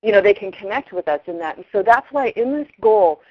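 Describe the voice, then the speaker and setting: A woman's voice: mid-range voice, a little fast, no echo. Middle-aged woman telling parenting stories, lo-fi radio. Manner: animated storyteller acting out quotes. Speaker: parenting expert guest. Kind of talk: casual advice talk.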